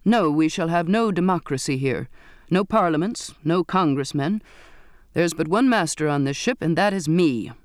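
A man voicing a stern, courtly, contemptuous ship captain who speaks in a clear, firm, sardonic way. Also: high-pitched, expressive, moderate pace, no room sound, clean studio sound. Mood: menacing.

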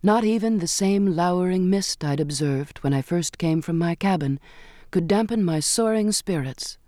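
A man narrating an audiobook in a measured, expressive storytelling manner. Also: high-pitched, no echo, studio quality. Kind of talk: scripted narration.

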